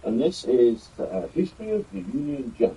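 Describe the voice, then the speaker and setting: A man's voice: medium pitch, big pitch swings, moderate pace, gravelly, warm tone, slightly rough, rough recording. An older man hosting a history video, talking casually about an old keepsake with some rambling and filler words. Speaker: YouTube history host. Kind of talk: casual show-and-tell presentation.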